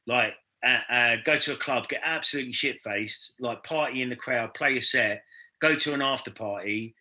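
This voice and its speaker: Casting note: young male podcast host, very bright forceful tone, loose rambling delivery full of fillers and swearing. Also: mid-range voice, moderate pace. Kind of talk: casual chat.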